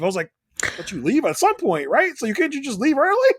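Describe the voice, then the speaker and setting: A man co-hosting a podcast recap, chatting casually and acting out quotes in animated voices. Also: high voice, racing, no room sound, clean studio sound. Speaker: podcast co-host. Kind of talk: casual chat.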